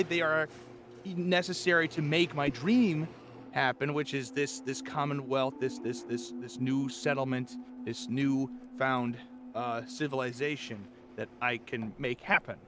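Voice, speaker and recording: A man's voice: mid-range voice, fairly even intonation, unhurried, background noise. A voice actor talking casually in a stream interview, explaining his craft thoughtfully with frequent restarts. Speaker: voice actor guest.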